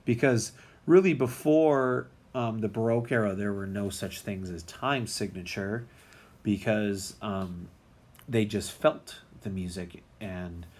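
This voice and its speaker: A man's voice: fairly low pitch, fairly even intonation, slow, darkish tone. A man teaching music theory in a recorded lecture, talking casually with many ums and restarts.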